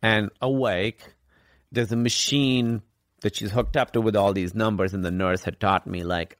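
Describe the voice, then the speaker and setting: A man guest in an interview, telling a personal story in an earnest, reflective way with halting restarts. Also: lowish voice, steady tone, dry recording, clean studio sound.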